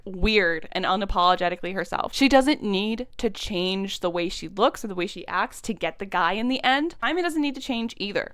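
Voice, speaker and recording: A woman of middle pitch talks through a film she loves in a casual recap, laughing often and swearing freely. Her voice is smooth and clear. The sound is dry and close to the mic. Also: no echo. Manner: gushing, profane, laughs often. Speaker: film reviewer.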